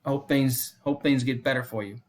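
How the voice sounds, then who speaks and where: A man hosting a fan live stream, giving casual play-by-play commentary, repeating the count and score often and chatting to viewers between pitches. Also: steady tone, brisk, a little mellow.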